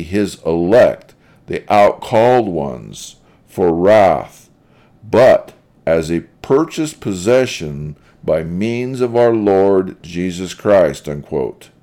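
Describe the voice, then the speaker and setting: A man's voice: low voice, warm tone. A man giving a methodical Bible study lecture, reading verses aloud and explaining them point by point. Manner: deliberate, methodical, reads quotes aloud. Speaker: Bible teacher.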